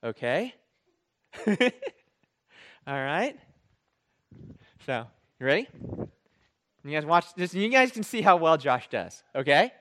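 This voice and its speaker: A man's voice: on the high side, very animated, slow, pauses often, fairly bright tone. A man preaching a sermon in a conversational, jokey way, repeating key phrases for emphasis and joking with the congregation. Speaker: pastor.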